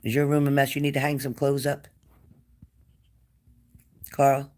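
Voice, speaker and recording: Man giving a gentle psychic reading. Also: mid-range voice, completely flat delivery, a little slow. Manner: repeats phrases, gentle and coaxing. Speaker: spirit medium giving a reading. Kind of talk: reassuring psychic reading to a client.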